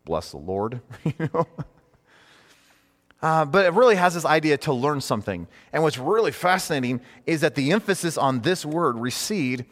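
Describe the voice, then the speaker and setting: A man teaching in a conversational sermon style, earnest and informal, often rephrasing himself mid-thought. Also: fairly high pitch. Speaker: preacher teaching a class. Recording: long hall reverb.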